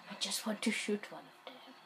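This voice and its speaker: A woman giving casual gameplay commentary, excitable and jokey, muttering and whispering to herself. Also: mid-range voice, gravelly, a little hiss or hum, rough recording.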